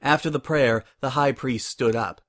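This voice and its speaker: A man narrating a story in a measured, expressive dramatic reading. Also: medium pitch. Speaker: reader.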